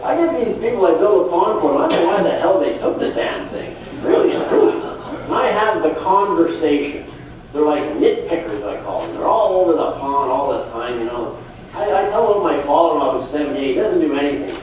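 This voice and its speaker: A middle-aged man giving a motivational sales talk at a conference, telling folksy, animated stories. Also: a little high. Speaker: sales trainer speaking at a conference. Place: conference hall. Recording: echoey hall from far off with faint noise.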